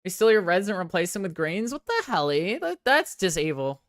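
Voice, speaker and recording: A woman livestreaming a game, chatting with her viewers and swinging from excited outbursts to sheepish apologies. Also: lowish voice, normal speed, no room sound, studio quality. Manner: banters with chat, swears casually. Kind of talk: casual gaming livestream chat.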